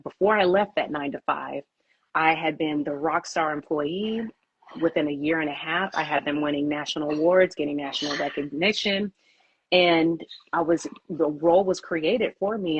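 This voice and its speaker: A woman's voice: deep voice, husky, no room sound, muffled recording. A woman who founded a PR agency, answering interview questions with candid storytelling and acting out her own inner thoughts.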